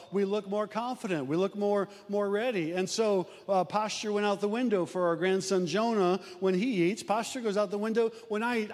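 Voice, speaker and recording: A man's voice: high voice, long reverb tail. An older man preaching a folksy sermon, telling family stories and repeating words as he goes. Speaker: pastor.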